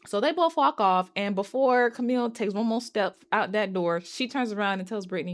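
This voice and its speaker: A woman's voice: mid-range voice, moderate pace, few pauses, clean tone. A woman casually recapping a movie, acting out the characters' lines and talking back to them. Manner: animated, acts out characters' lines in quoted voices; swears and talks back to the characters. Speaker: movie review vlogger.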